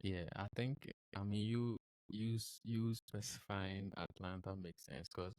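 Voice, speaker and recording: Deep-voiced Ghanaian host, hesitant. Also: male voice, steady tone, measured pace, darkish tone, no echo. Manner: hesitant, many ums and restarts. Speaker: podcast host. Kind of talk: casual interview chat.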